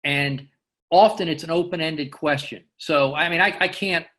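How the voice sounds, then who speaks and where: A man with a slightly high voice answers as a guest in a casual interview. He is a former federal agent who speaks thoughtfully, often stopping to repeat words as he works out his answer. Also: moderate pace, a bit bright.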